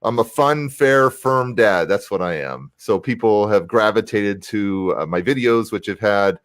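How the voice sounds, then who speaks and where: A man's voice: fairly low pitch, animated, a little slow, no room sound. A man from the United States, a motivational speaker and rapper, talking as a guest on a casual livestream interview over a video call. He stays upbeat and keeps greeting live viewers by name while he talks.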